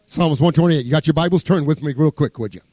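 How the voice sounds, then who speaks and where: A man preaching a sermon as pastor, fervent, swinging between loud exclamations and hushed asides as he reads scripture. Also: a little high, fast, no room sound. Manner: exclaims praise words, reads scripture aloud.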